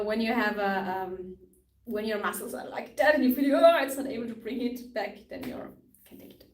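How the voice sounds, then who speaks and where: A young woman with an Austrian accent chatting on a live stream as a fitness trainer, upbeat and quick to laugh, moving between English and German. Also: on the high side. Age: young adult. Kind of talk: casual live-stream chat answering comments. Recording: echoey room, voice from a distance.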